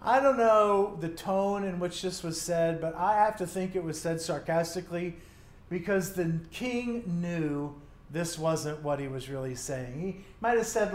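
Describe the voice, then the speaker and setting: A man preaching a sermon, retelling a scripture story and acting out the quotes with lively asides. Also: high-pitched, normal speed, reverberant.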